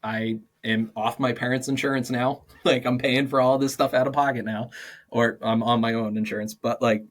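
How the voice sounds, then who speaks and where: A young man in his twenties chats as a podcast guest. He tells teaching stories in a lively, animated way, full of "like" fillers and quick laughs, and slips into quoted voices as he goes. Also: medium pitch. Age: 20s. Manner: animated, acts out quoted dialogue, many "like" fillers, laughs often. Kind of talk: casual interview storytelling.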